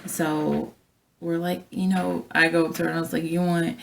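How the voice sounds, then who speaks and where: A woman with a low voice and a gravelly edge recounts a story from her job as a flight attendant. She talks casually and with animation, often turning to her viewers as she goes. The feel is a relaxed vlog. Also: normal speed, slight background noise. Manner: chatty, animated, addresses viewers directly.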